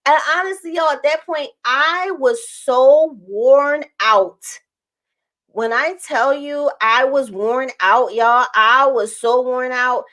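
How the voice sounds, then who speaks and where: A woman vlogger telling a story in a chatty, animated way, talking straight to her viewers. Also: sits high, slow pace.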